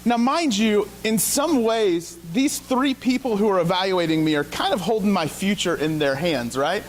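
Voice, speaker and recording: Male pastor from Ohio, slightly higher voice, casual storyteller with a sarcastic streak. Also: lively intonation, moderate pace, few pauses, slight background noise. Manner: casual, self-deprecating, sarcastic asides. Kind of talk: conversational sermon with storytelling. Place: church sanctuary.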